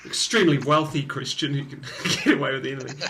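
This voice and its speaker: A man's voice: mid-range voice, fast. Chatty man in an echoey room. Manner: animated storytelling with many restarts. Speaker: podcast co-host. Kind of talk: casual conversation. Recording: echoey room with faint noise.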